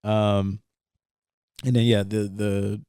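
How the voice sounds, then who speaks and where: With a lowish, smooth voice and a slow pace, a young man co-hosts a podcast in clean, echo-free studio audio. He rambles through a film scene in easy chat, performing the characters' lines as he retells it with animation.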